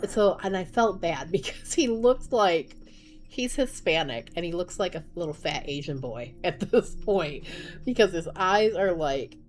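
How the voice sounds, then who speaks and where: Chatty young mom, laughing through stories. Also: female voice, lowish voice, a little slow, faint music behind. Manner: chatty, laughs often, animated retelling. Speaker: mother of young kids. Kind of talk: casual storytime vlog.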